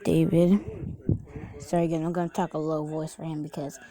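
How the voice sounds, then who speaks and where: A woman's voice: low voice, little pitch movement, fast, mellow. A young woman casually narrating a reader-insert fan story, unpolished and chatty, with asides to the listener.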